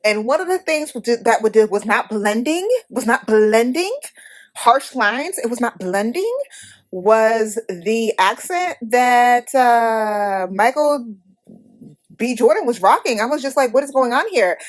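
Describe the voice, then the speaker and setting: A Haitian-American woman hosting a podcast, giving a blunt, profane, animated movie review in casual talk. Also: a little high, slow. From United States. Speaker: podcast host.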